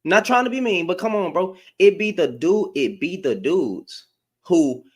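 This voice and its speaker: A woman's voice: lowish voice, expressive, a little slow. A woman hosting a livestream, giving blunt, heated reaction commentary and often repeating her phrases. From United States. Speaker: livestream host.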